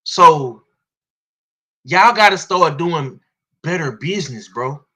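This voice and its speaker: A man with a Southern US accent talks boxing in loose, profane slang. His voice is bright and lively, rising and falling freely as he makes his points. He sounds blunt and opinionated. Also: fairly high pitch, takes it slowly. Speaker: boxing commentator. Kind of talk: casual sports commentary.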